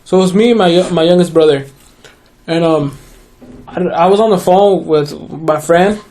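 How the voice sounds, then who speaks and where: High-voiced young man telling a story. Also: normal speed, mellow. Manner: swearing, laughing storyteller. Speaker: podcast co-host. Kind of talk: casual chat.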